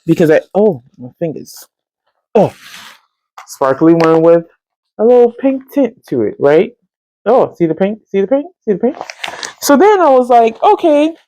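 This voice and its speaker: A woman, hosting a podcast and telling a story in casual chat, animated and chatty, often jumping into a high voice to quote people. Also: unhurried, pauses often. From Central Texas. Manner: colloquial and chatty, addresses listeners as y'all. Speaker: podcast host.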